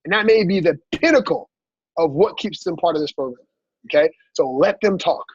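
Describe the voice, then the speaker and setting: A man coaching his team in a motivational training talk, energetic and asking "right?" after every point. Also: high-pitched, moderate pace, slightly rough, no room sound. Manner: energetic, repeats "right?" often, acts out dialogue. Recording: dull lo-fi sound.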